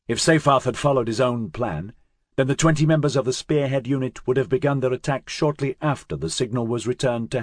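A man narrating an audiobook in a measured, dramatic way, his pitch moving in a lively manner. His voice is husky, and the recording is dry and close with no room sound. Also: dry recording.

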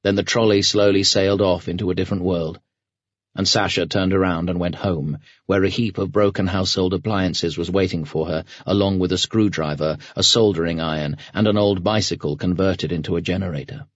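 A man narrating an audiobook in a measured, grave storytelling manner. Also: sits low, steady tone, dry recording, lo-fi sound. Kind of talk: scripted narration.

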